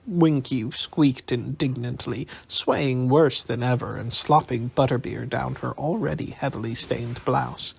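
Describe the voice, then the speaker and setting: A man reads an audiobook aloud at a slow, bedtime pace in a husky voice. His tone has a gravelly edge, and his pitch moves a lot as he reads. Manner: calm, unhurried reading. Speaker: audiobook narrator.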